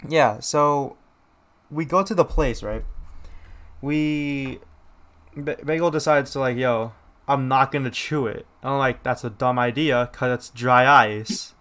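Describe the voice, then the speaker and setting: A man's voice: mid-range voice, measured pace, a bit bright. A young man co-hosting a casual podcast, telling a rambling story full of "like" and quoted lines. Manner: rambling, lots of "like", quoting others. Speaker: podcast co-host.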